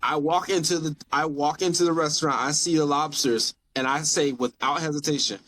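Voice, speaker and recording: A man's voice: on the high side, steady tone, fairly quick, a bit bright. A man from the Southern United States with a light Southern accent, chatting as a podcast guest and telling stories animatedly. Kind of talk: casual chat.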